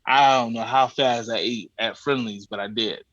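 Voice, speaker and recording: On lo-fi audio, a man with a mid-range voice and moderate pace guests on a podcast. In casual, colloquial chat with casual swearing, he tells a comic travel story and animatedly acts out exasperated exchanges with the people he dealt with.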